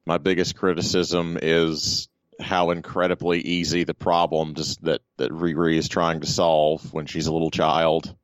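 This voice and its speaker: A man's voice: rumbling low, little pitch movement, a little slow, few pauses, no echo. A man co-hosting a podcast, giving blunt, stubborn, contrarian opinions on comics in casual chat. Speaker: podcast co-host.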